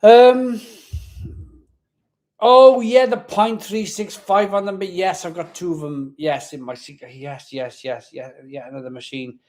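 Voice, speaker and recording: Hosting a live stream from Barry in Wales, a man with a Welsh accent chats casually, reading viewer comments aloud, rambling and repeating himself. His voice sits high and is unhurried, a little mellow, with fairly even intonation and a slight growl at the back.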